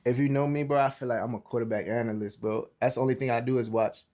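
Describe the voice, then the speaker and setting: A man, a football player, answering interview questions in a relaxed, slangy way. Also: medium pitch, fast talker. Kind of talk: casual interview chat.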